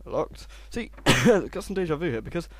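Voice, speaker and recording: A young man giving sarcastic gameplay commentary and shouting insults at the game. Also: a little high, expressive, moderate pace. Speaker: let's play host.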